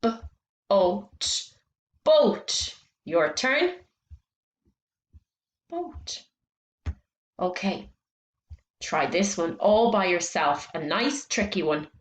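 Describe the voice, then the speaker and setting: Slow, lively woman teaching phonics. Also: mid-range voice, roomy sound. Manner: slow, clear, encouraging, stretching out sounds. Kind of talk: phonics lesson for young children.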